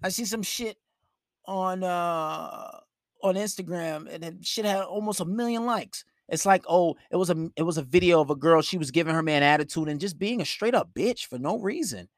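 A man's voice: high-pitched, animated, moderate pace, no echo, clean studio sound. A man giving blunt, profane dating advice on a live stream, talking in an emphatic rant.

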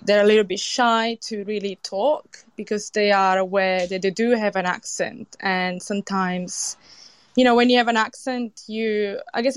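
Italian-accented woman, chef and guest, lively expressive talk, mid-pitched voice, dry close sound. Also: smooth, no echo. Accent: Italian, with a British tinge. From Sicily, Italy. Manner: lively and expressive, with frequent restarts. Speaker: chef and event organiser, guest. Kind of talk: casual interview talk.

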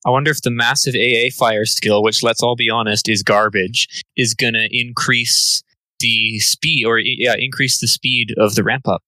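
A man's voice: medium pitch, steady tone, moderate pace, bright, forceful tone, no echo. A man co-hosting a casual podcast, with wry, teasing asides. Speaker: podcast co-host.

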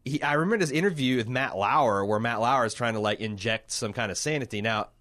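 A man's voice: mid-range voice, fairly quick, a bit bright, dry recording. A man co-hosting a podcast, talking casually with lots of restarts and swearing. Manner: rambling, profane, many restarts. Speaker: podcast co-host. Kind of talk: casual chat.

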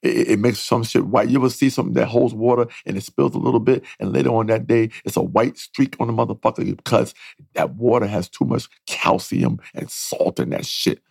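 Gravelly profane man in comic banter. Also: mid-range voice, fairly quick, darkish tone, no echo, studio quality. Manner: profane, emphatic, keeps saying his partner's name. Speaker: podcast co-host. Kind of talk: casual comedic chat.

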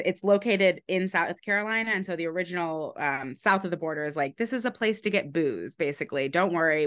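A woman author explaining her research in a conversational interview, thoughtful, with frequent pauses and restarts. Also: lowish voice, a bit bright. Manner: thoughtful, many "um"s and restarts, light laughs. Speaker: author guest.

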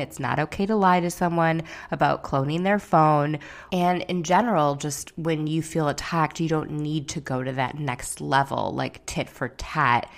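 Low-voiced woman recapping reality TV. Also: normal speed, vocal fry. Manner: opinionated and candid, dry jokes, occasional swearing. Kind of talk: casual episode recap commentary.

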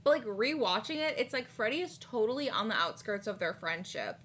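A woman co-hosting a casual rewatch podcast, animated and swearing freely, acting out quotes from the show. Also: on the high side, a little fast. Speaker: podcast co-host. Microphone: headphones and podcast mic.

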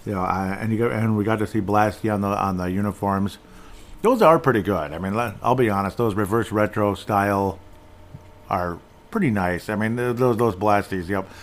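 A man's voice: on the low side, moderate pace. A man hosting a casual solo podcast, rambling through asides and fillers with fan enthusiasm. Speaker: podcast host.

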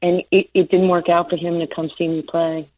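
A woman's voice: fairly low pitch, little pitch movement, moderate pace, slightly rough. A woman in her sixties from New York, a former basketball player, telling stories in an interview, laughing often and acting out the voices of the people she quotes. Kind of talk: storytelling interview. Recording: tinny phone-line sound.

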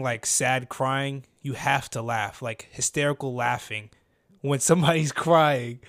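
A man's voice: fairly high pitch, dry recording, clean studio sound. A young man co-hosting a casual chat, laid-back and slangy, full of 'like' fillers. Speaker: podcast co-host.

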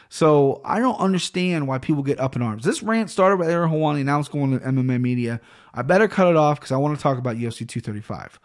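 A man hosting a solo podcast, ranting in a rambling, profane and excitable way into a studio podcast mic at a home recording setup. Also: fairly high pitch, quick pace. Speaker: podcast host.

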